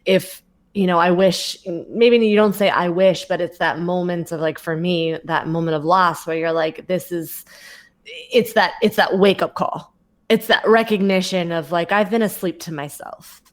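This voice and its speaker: A woman's voice: on the low side, steady tone, moderate pace. Woman telling a candid personal story. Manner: many restarts and fillers, emphatic repetition. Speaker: fitness coach, guest.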